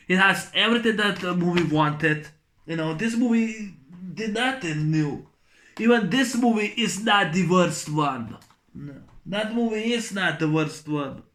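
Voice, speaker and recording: A man's voice: sits high, pushed and bright. A man giving a casual spoken film review, rambling and repetitive, ranting with blunt swearing.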